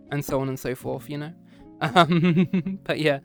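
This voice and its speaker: A man's voice: on the high side, unhurried, soft background music. A man streaming a casual chat with his viewers after a history lesson, playful and teasing, often slipping into meows and growls.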